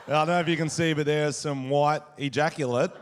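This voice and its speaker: An Australian man doing stand-up comedy, telling crude, animated stories on stage. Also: a little high, normal speed, very noisy. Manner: crude, animated storytelling with crowd laughter. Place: live comedy venue with audience. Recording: live stage recording with crowd. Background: audience laughter.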